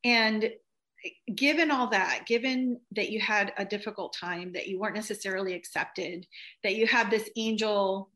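A woman's voice: medium pitch, moderate pace, a bit bright. A woman hosting an interview, encouraging her guest and asking questions. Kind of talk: conversational interview.

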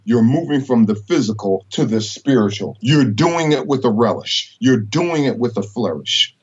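A man's voice: mid-range voice, expressive, normal speed, few pauses, husky, lo-fi sound. A middle-aged man, a college professor, telling stories emphatically and preacherly, with biblical references. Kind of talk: inspirational storytelling interview.

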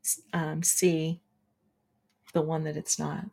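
Chatty giggly woman reading trivia qs to her live chat, takes it slow. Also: deep voice, completely flat delivery, creaky, dark tone, breathy edge. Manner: giggly, chatty, reads questions aloud to chat. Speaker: live stream host. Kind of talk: casual live trivia quiz with viewers.

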